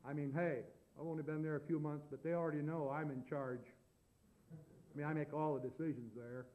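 High-voiced folksy male preacher. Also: a little fast. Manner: folksy and animated, building to loud preaching. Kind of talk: storytelling sermon. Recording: dull lo-fi recording.

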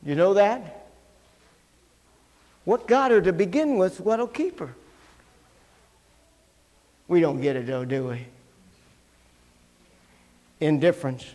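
A middle-aged male pastor preaching a sermon, telling folksy stories and acting out quotes in sudden loud shouts. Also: high-pitched, expressive, takes it slowly, long pauses. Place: church sanctuary. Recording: long hall reverb.

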